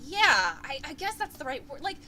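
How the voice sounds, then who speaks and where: A woman narrating as game master of a tabletop game, chatty and animated, with filler words. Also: high-pitched, normal speed, a little hiss or hum, low-quality recording.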